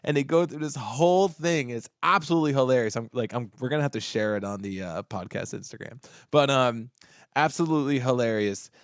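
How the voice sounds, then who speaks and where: Brief: male co-host, casual storyteller, mid-pitched voice, dry close sound. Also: a little fast, clean tone, dry recording. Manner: animated storyteller, acts out bits with laughter. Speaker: podcast co-host. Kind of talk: casual chat.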